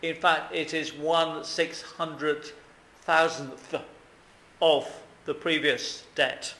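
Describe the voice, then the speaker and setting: A man preaches with earnest emphasis, putting questions to his congregation. His voice is bright and a little high. The recording carries a roomy echo with faint ambient noise behind it. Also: fairly even intonation, very slow. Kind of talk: sermon.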